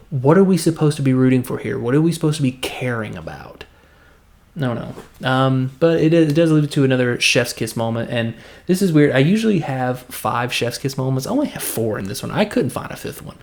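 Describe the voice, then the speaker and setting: A man hosting a podcast, casually talking through a film review, rambling and enthusiastic, often restarting and acting out reactions. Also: medium pitch.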